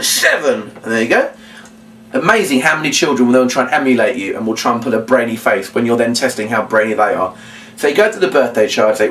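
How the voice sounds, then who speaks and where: A man explaining a children's party routine and acting out what he says to the kids, with big bursts of shouting. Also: mid-range voice, fast talker, slight background noise. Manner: animated, acts out lines to children with big shouts. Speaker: children's entertainer teaching a routine. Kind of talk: instructional talk with acted demonstrations. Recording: voice from a distance off the mic.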